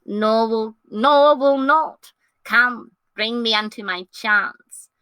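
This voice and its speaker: A proud, boastful prince woos in grand verse, put on by a woman reading the play alone. The voice is bright and high, swooping up and down. It sounds dry, with no room around it. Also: slow, smooth, no room sound. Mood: eager. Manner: declamatory verse with sweeping pitch swings. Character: proud foreign prince, adult man, boastful suitor. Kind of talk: solo dramatic reading of a classic play.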